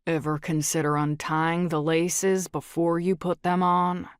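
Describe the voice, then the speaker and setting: A woman voicing a blunt, resentful young man with a slow Texas drawl and a cold, low delivery. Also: little pitch movement, clean tone, no echo, studio quality, close to an everyday voice.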